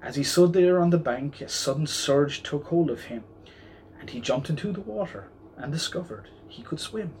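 A man's voice: on the high side, animated, normal speed, a little mellow, slight background noise. A man reading a children's rhyming picture book aloud in a rhythmic storytelling manner.

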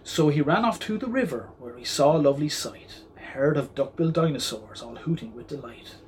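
A man's voice: fairly high pitch, expressive, a little fast, darkish tone, slight background noise. A man reading a children's rhyming picture book aloud in a rhythmic storytelling manner.

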